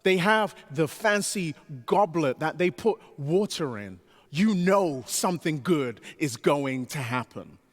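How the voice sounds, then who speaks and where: A man preaching a sermon as pastor, animated, with his voice rising to a pleading pitch as he voices the disciples. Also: takes it slowly. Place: church sanctuary. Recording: long reverb of a large church sanctuary.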